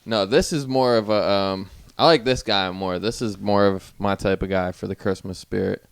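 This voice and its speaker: A man co-hosting a comedy podcast in relaxed, laid-back banter. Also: on the low side, moderate pace, gravelly, clear, resonant tone, no room sound. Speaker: podcast co-host. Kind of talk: casual comedy chat.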